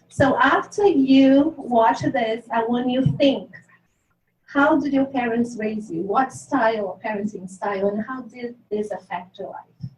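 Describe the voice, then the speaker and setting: A woman's voice: sits high, darkish tone, lo-fi sound. A woman presenting at a conference for parents, talking casually to the audience, chatty and laughing often at herself. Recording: echoey hall, mic far off, faint noise.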